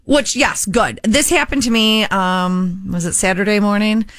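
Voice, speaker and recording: A woman's voice: medium pitch, measured pace, a bit bright, dry recording. A woman co-hosting a morning radio show, telling chatty stories and laughing easily. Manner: chatty storyteller, laughs often. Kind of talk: casual chat.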